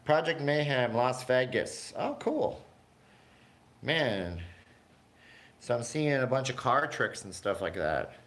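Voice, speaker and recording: A man's voice: medium pitch, sing-song, slow, long pauses, fairly bright tone. A middle-aged man from Canada hosting a casual livestream from home, reading viewer comments in a rambling, joking, chatty way. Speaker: livestream host.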